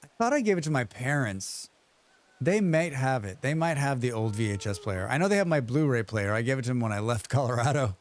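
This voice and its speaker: A man's voice: mid-range voice, lively intonation, a little fast. A man streaming a game, chatting casually and muttering questions and reactions at the screen. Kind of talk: casual gaming commentary.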